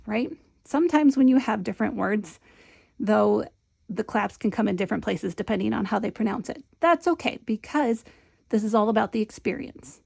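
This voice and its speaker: A woman explains a classroom syllable game step by step in a patient, teacherly way. Her voice sits a little high with a gravelly fry, and she slips into a sing-song lilt when she models the chant. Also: darkish tone. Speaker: Montessori teacher trainer. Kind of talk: instructional demonstration.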